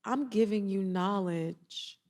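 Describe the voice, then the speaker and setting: A woman in her forties, a therapist from Atlanta, Georgia, telling stories in a lively, animated way on an interview podcast. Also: medium pitch, slow pace. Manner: animated storytelling, acts out quoted voices. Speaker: therapist and executive coach, guest. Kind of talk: casual conversational interview.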